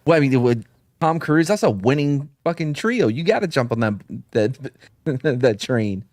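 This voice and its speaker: A man's voice: mid-range voice, expressive, unhurried, darkish tone, dry recording, studio quality. A man co-hosting a podcast in casual chat, joking, profane and sarcastic. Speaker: podcast co-host.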